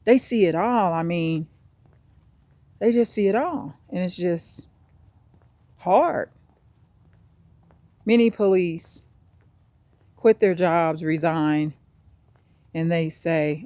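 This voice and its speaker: Slow-talking blunt woman vlogger. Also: on the low side, mellow, dry recording. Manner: blunt, profane, ranting. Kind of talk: casual vlog monologue. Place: outdoors, on a walk.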